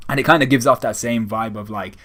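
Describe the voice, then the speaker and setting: A man's voice: mid-range voice, steady tone, fast, pushed and bright. A young man giving a casual, rambling chapter review of a manga, retelling scenes and slipping into quoted lines.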